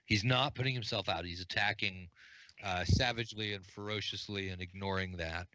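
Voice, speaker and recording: A man with a lowish, bright voice runs a tabletop game, narrating in a halting, filler-heavy way. The recording is dull and lo-fi, and the room has no echo. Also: steady tone, slight background noise. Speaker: game master.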